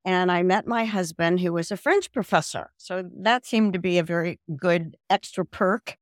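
Animated older woman telling her story. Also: fairly low pitch, moderate pace, no room sound, studio quality. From American South. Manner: animated storyteller, mimics voices. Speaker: guest, language program founder. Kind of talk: interview over video call. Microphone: video call.

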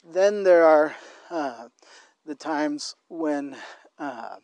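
Halting, rambling man talking faith. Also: a little high, animated, a little mellow, no echo. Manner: rambling, halting with many restarts. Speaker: co-host. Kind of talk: casual faith chat. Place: outdoors while walking.

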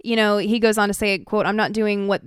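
Female co-host, smooth voice, exasperated commentary. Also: mid-range voice, fairly even intonation, a little fast, no echo, clean studio sound. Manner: indignant, exasperated. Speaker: podcast co-host. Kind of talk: casual political commentary.

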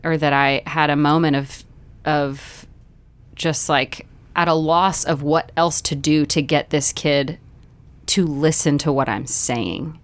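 A woman in casual conversation, telling a story about her child with lively, self-critical storytelling. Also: low-pitched, slow. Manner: animated storytelling, acts out voices. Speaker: parent sharing a story. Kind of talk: casual chat.

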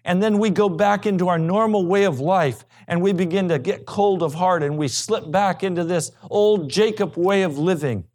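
A male pastor preaching a sermon with emphasis, swinging from loud high peaks to low quiet asides. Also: normal speed, hardly any pauses.

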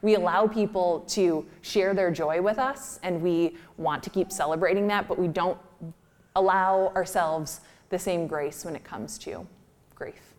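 A woman speaks at a live question-and-answer session, sharing personal stories with candid, animated energy. She often breaks into laughter mid-story and acts out the voices of people she quotes. Her talk is casual and full of "like". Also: on the low side, a little slow. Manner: heavy use of "like" as filler.

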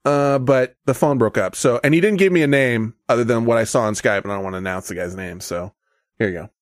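A man's voice: mid-range voice, quick pace, no room sound, studio quality. A man hosting a podcast, chatting loosely and cursing freely. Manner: loose, profane banter. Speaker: podcast host. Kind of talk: casual chat.

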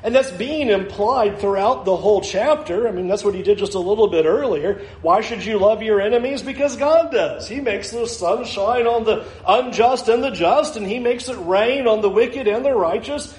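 A man's voice: high voice, moderate pace, few pauses, darkish tone, roomy sound, rough recording. A male pastor preaching a sermon, earnest and building to emphatic challenges.

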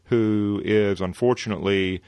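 A man hosting a podcast, retelling an old comic-book story in a relaxed way with many fillers. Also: fairly low pitch, unhurried, clean tone, no room sound. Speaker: podcast host.

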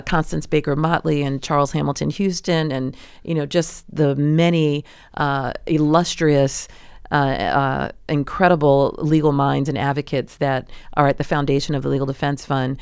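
Gravelly woman civil rights attorney. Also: low-pitched, no room sound, clean studio sound. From New York City. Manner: measured, explanatory, with fillers and restarts. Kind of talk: radio interview. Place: radio studio.

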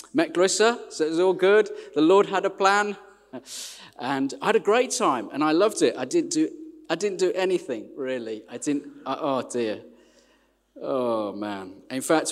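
A man in his forties from the West Midlands, a vicar chatting warmly and self-deprecatingly as he opens a sermon. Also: on the high side. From West Midlands, England. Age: 40s. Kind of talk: sermon introduction. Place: large church hall. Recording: church hall reverb.

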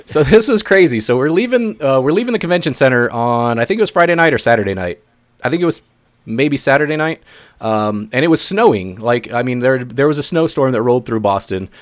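A man co-hosting a podcast, telling a story in a lively, swearing, filler-heavy way. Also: medium pitch, brisk, dry recording. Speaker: podcast co-host. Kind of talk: casual podcast chat.

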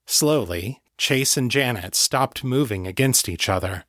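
A man reading a story aloud in a steady, measured scripted narration. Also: medium pitch, no room sound, clean studio sound. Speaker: audiobook narrator.

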